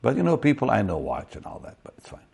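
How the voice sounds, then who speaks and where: A man gives an online Bible teaching in a gravelly, slightly husky voice. He reads verses and drifts into conversational asides, with his pitch rising and falling a lot. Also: huge pitch swings, fast talker, a little mellow. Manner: conversational, quotes scripture, frequent restarts. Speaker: preacher.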